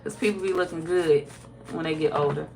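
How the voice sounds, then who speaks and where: A woman tarot reader casually chatting with viewers on a livestream, reading their comments aloud, laid-back and quick to laugh. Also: low-pitched, fairly even intonation, creaky, a little mellow, a little hiss or hum.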